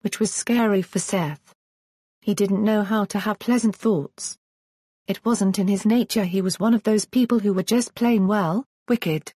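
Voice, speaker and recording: A woman narrating a fantasy story in a steady, measured audiobook style. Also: medium pitch, husky, dry recording, clean studio sound.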